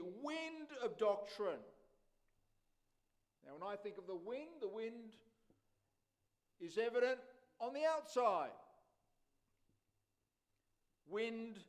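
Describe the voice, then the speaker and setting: Slow, high-voiced preaching man. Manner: slow, emphatic preaching with repeated phrases. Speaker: pastor. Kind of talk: sermon.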